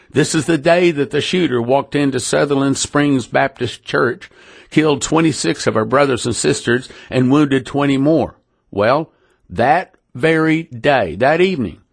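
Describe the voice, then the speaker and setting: Earnest middle-aged ministry leader, gravelly, dry close sound, emotional testimony. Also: male voice, medium pitch, no echo. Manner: earnest, emotional, repeats himself often. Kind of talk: personal testimony to listeners.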